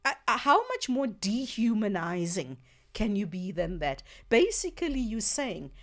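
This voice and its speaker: A woman's voice: medium pitch, very animated, measured pace. A woman hosting a radio talk show, speaking earnestly and emphatically as she thinks aloud in the studio.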